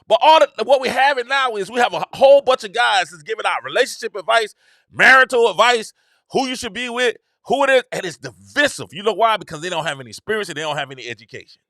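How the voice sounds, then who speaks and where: A man hosts his own show in a slangy, emphatic riff. His voice sits high and swings widely in pitch, with a bright, tense edge, recorded dry and close. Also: animated, fast talker, no echo. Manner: repetitive, emphatic, slangy and conversational. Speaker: show host. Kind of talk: casual commentary monologue.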